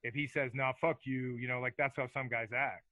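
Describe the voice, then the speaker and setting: A man's voice: mid-range voice, fairly even intonation, fairly quick, pushed and bright, no echo, poor audio. A man in his forties, a former hockey enforcer, telling profane, laid-back stories as a podcast guest. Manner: profane, laid-back storyteller with filler words. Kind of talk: casual storytelling chat.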